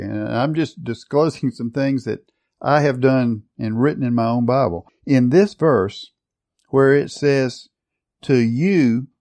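Emphatic male preacher. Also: medium pitch. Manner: emphatic, stretches out key words and shifts loudness often. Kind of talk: sermon.

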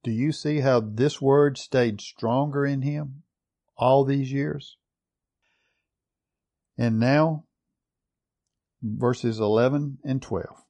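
A man preaching a sermon, reading scripture aloud and putting questions to his listeners, slowing down low for emphasis and then picking up speed. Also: steady tone, a little mellow. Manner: asks the congregation questions and reads scripture aloud.

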